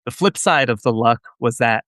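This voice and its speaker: A man with an expressive, mid-range voice that's a bit bright talks at normal speed. A venture investor guesting in a casual video call interview, he tells self-deprecating, rambling stories from his computer with plenty of restarts. The recording is dry and clean, with studio sound.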